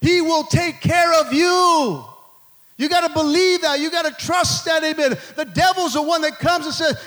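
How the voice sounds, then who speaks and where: A man's voice: extremely high pitch, normal speed, fairly bright tone. A man preaching a fervent sermon to a church, peppering it with calls of amen and stumbling restarts. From Mexico. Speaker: pastor.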